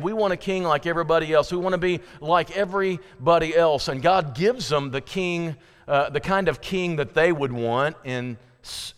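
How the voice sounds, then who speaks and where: A man's voice: fairly high pitch, clean tone, in a large hall. A man preaching a sermon earnestly, reading scripture aloud with emphasis. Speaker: pastor.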